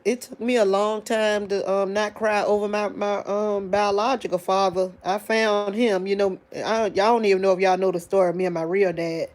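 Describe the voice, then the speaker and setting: An adult woman with a medium-pitched, darkish voice speaks directly to her online viewers in a tearful live-stream monologue, calling them "y'all." She is grieving and close to tears, and her voice keeps breaking into crying. Her talk rambles and halts, full of restarts and heavy sighs.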